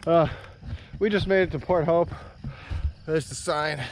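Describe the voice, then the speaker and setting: A man's voice: fairly high pitch, steady tone, a little slow, slight background noise. Breathless man vlogging on a bike. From Canada. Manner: laughs often, chatty and upbeat. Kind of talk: casual outdoor vlog. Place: outdoors on a bike trail.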